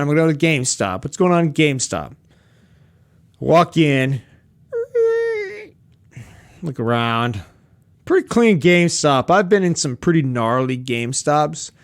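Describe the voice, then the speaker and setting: Young guy podcast host, kinda high voice, swearing a lot and rambling thru a funny story. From Pacific Northwest of the US. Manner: profane, rambling, sarcastic with asides and chuckles. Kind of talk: casual comedic storytelling monologue.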